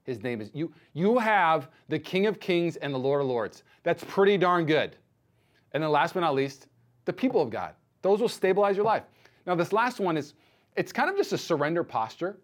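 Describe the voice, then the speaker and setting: A man in his thirties preaching a sermon as pastor, telling a personal story with animated acted-out dialogue. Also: fairly high pitch, moderate pace. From United States. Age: 30s. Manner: animated storytelling, acts out quoted voices.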